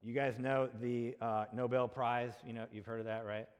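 A man's voice: mid-range voice, little pitch movement, moderate pace, smooth. A male pastor preaching a sermon in a conversational way, asking rhetorical questions and checking in with the congregation. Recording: long hall reverb.

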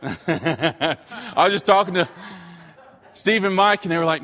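A man from Western North Carolina preaching a sermon as pastor, emphatic, slowing down for scripture and dropping in joking asides. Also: sits high, expressive, bright, forceful tone. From Western North Carolina, USA. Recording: long hall reverb.

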